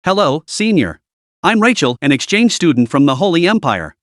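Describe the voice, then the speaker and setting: A man's voice: a little high, sing-song, moderate pace, fairly bright tone, dry recording, studio quality. A man voicing a proud, confident young woman knight, speaking in plain declarative lines.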